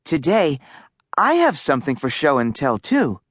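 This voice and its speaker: A woman voicing a kind, shy young female schoolteacher in a storybook, speaking gently. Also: sits low, big pitch swings, normal speed, breathy edge, no echo, clean studio sound, exaggerated voice. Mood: gentle.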